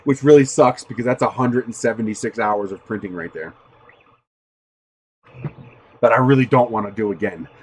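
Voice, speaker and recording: A man's voice: fairly low pitch, moderate pace, long pauses, husky. A man hosting a 3D printing livestream, chatting casually with viewers, telling stories loosely with profanity and frequent laughter.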